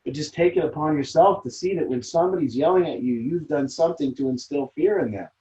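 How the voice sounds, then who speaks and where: A man's voice: a little high, fast, warm tone, highs cut off. A man leading a recovery support group, talking earnestly and emphatically, often repeating phrases as he explains. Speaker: group leader.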